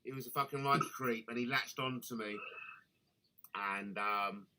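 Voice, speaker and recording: A man telling a crude, animated story in casual chat, swearing freely. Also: mid-range voice, unhurried. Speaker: guest storyteller.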